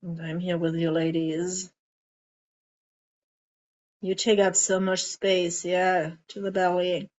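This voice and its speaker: A woman coaching a group through emotional tapping, guiding gently and voicing example feelings aloud. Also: lowish voice, flat delivery. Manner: slow, soothing guidance with emotive example lines. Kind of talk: guided group coaching session. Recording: slightly dull lo-fi call audio.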